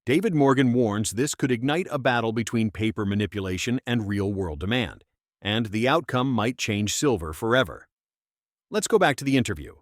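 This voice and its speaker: A man's voice: mid-range voice, animated, normal speed, dry recording, clean studio sound. A man reading a scripted, dramatic and urgent channel introduction. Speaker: channel narrator. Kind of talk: scripted narration.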